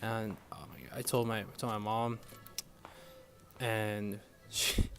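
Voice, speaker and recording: A man's voice: on the low side, little pitch movement, takes it slowly, fairly bright tone, soft background music. A young man ranting casually to his viewers, rambling and swearing often in frustration. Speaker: vlogger. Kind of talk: casual profane rant.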